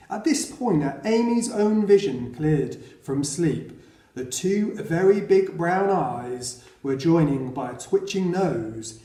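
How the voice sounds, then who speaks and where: Man, storybook narration, steady pace, high voice, roomy echo. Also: slow. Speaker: audiobook reader. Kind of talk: reading a children's novel aloud.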